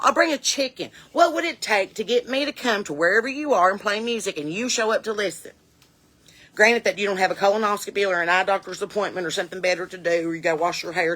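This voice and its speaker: A woman's voice: mid-range voice, fairly bright tone. A woman giving a chatty, folksy, rambling comic monologue to camera, outdoors on her porch. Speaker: comedian and musician.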